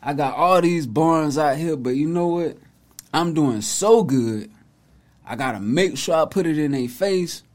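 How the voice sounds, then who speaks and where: A man's voice: on the high side, unhurried, close to an everyday voice. A man voicing a boastful rich farmer who shows off his wealth, in a drawling, bragging way.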